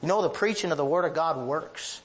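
A man preaching a sermon as pastor, emphatic and confessional, telling personal stories with big swings in his voice. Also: a little fast. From northern United States. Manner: emphatic, with sweeping pitch rises; confessional, anecdotal storytelling.

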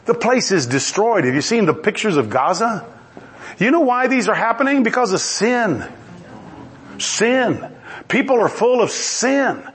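Lively high-voiced male preacher. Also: unhurried. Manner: animated, exclamatory, acts out quotes. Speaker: pastor. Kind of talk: sermon.

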